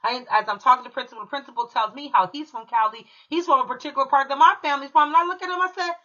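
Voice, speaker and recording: A woman's voice: high voice, racing, pushed and bright, lo-fi sound. A woman from California, a channel host telling a heated personal story in an emphatic, profane way. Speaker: true crime commentary channel host.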